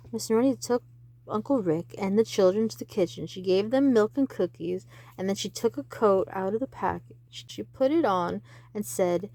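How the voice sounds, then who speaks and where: A woman reading a children's picture book aloud, with animated narration and soft, whispered asides about the pictures. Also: mid-range voice, moderate pace, no echo. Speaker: reader.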